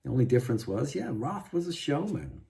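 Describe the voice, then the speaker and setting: A man's voice: mid-range voice, sing-song, fairly quick, creaky, warm tone. A man venting in a rambling, frustrated monologue, full of restarts and asides. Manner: frustrated, rambling, many restarts and "you know". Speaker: guitar vlogger.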